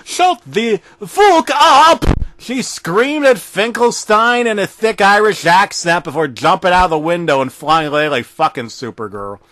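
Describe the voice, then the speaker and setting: A man's voice: high voice, lively intonation, normal speed, hardly any pauses, sharp tone. A man narrating a comedic horror story in a crude, profane storytelling manner.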